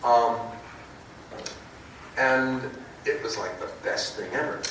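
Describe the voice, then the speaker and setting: An older man telling lively anecdotes at a convention panel and acting out the people he quotes. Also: mid-range voice, slow pace. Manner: lively storyteller, acts out quoted voices. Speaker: comic book writer, panel guest. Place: large convention panel room. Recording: echoey hall recorded from far off, with noise.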